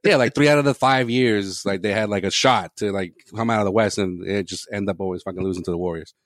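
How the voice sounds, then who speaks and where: A man's voice: fairly low pitch, fast talker, no room sound, studio quality. A man co-hosting a podcast in casual sports chat, rambling and swearing freely, laughing often. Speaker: podcast co-host.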